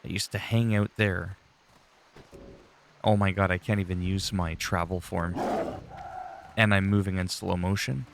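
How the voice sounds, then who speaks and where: A man's voice: sits low, steady tone, a little slow, gravelly, pauses often, a little hiss or hum. A man giving casual, rambling commentary while playing a game, chatty and swearing freely. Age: adult, long-time player. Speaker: gaming channel host.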